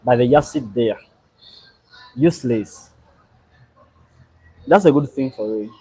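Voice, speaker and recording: A young man from Uganda, hosting a live stream and chatting in a relaxed, rambling way as he answers viewers. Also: mid-range voice, takes it slowly, slightly rough, rough recording. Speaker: livestream host. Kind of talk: casual live stream chat.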